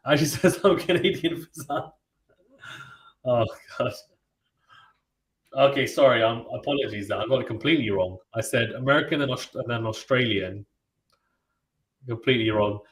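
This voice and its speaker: A man hosting a live tennis watchalong stream. He calls the play-by-play in a relaxed, chatty way and reads out viewer comments and reacts to them. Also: medium pitch. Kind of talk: live play-by-play commentary mixed with casual chat. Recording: roomy echo.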